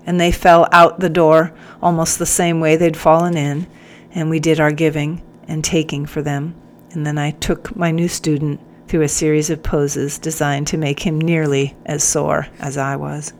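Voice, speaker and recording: Low-voiced woman reading an audiobook. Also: flat delivery, moderate pace, slight background noise. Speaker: audiobook narrator. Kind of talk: audiobook narration.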